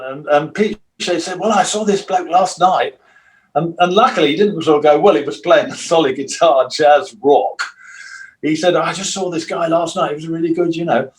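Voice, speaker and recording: An older man, a guitarist, telling long, rambling stories in a relaxed interview and acting out the voices of people he quotes. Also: fairly high pitch, normal speed. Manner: rambling storyteller who acts out quoted voices. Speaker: guitarist guest.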